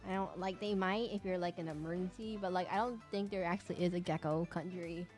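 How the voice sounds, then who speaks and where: A young woman streamer draws while chatting casually with her viewers, rambling playfully, talking to chat, and humming to herself. She talks fast with few pauses in a fairly low, darkish voice with vocal fry, over soft background music.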